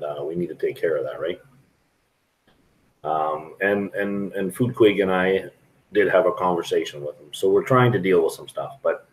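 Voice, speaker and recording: A man's voice: low-pitched, poor audio. A middle-aged man chatting frankly and rambling to viewers on a live stream from a restaurant. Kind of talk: casual live stream chat.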